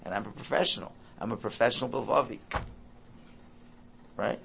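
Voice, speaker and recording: A man giving an informal Torah talk, animated and acting out parent and child dialogue. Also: medium pitch, brisk, creaky, a little hiss or hum.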